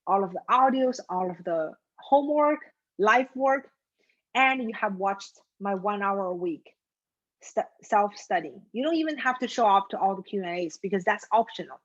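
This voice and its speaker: A woman's voice: mid-range voice, animated, moderate pace, fairly bright tone, dull audio. A woman mindset coach telling a story and then speaking earnestly and directly to her viewers.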